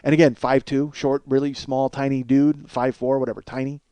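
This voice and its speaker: A man's voice: medium pitch, little pitch movement, normal speed, warm tone, clear, resonant tone, dry recording. Rambling, cursing guy, dry mic. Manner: rambling and profane, with lots of filler. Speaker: podcast host. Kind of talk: casual storytelling chat. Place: home studio at night.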